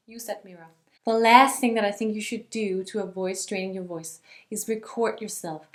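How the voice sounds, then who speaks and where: Friendly woman teaching singing. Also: a little high. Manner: friendly, demonstrates sung and yelled examples. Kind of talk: vocal lesson to camera.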